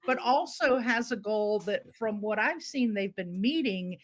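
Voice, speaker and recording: A woman co-hosting a casual group chat about reselling, telling lively, playful stories. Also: mid-range voice, unhurried. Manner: animated storyteller, playful voices in anecdotes. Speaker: podcast co-host.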